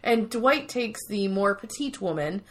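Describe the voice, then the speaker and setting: A woman with a mid-range voice recaps a TV episode as a podcast co-host, telling the story in a chatty, casual way and performing quotes from it in voices. She sounds animated but unhurried.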